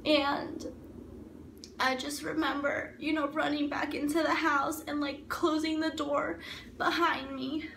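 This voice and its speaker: High-pitched young woman, emotional testimony. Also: flat delivery, gravelly, a bit bright. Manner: emotional, halting, repeats phrases. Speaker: survivor telling her story. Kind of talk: personal testimony. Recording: echoey room, mic at a distance, faint ambient noise.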